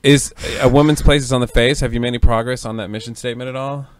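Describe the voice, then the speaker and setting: Animated man telling stories on a podcast. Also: mid-range voice, fast. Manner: animated storyteller, acts out quoted voices. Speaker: podcast co-host. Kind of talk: casual comedic chat.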